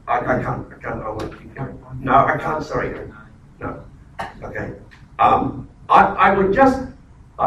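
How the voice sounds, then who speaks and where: High-voiced preacher in an echoey hall. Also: male voice, far from the mic, a little hiss or hum. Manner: emphatic, repeats words, stumbles and restarts. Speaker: pastor. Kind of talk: sermon. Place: church.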